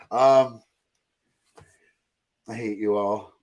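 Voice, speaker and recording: A man hosting a pop culture podcast, chatting casually with jokes and loose rambling. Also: fairly low pitch. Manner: joking, rambling, quick to laugh. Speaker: podcast host. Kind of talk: casual chat.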